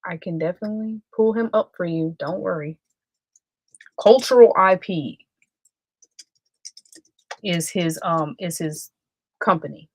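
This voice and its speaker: Female livestream host, casual and self-correcting, lowish voice. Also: measured pace, pauses often, darkish tone, dry recording. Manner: rambling, self-correcting, chatty. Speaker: live stream host.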